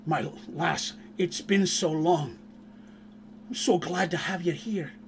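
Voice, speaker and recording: A man's voice: on the high side, takes it slowly, a little hiss or hum. A man voicing a devout male dwarf paladin who speaks in an earnest, fatherly way.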